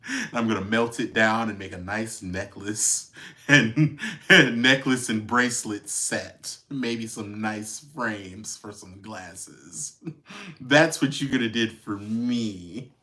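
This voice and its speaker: Low-voiced, unhurried man dishing gossip. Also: lively intonation, pushed and bright. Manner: chatty and wry, with lots of fillers and laughs. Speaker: podcast host. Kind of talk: casual gossip commentary.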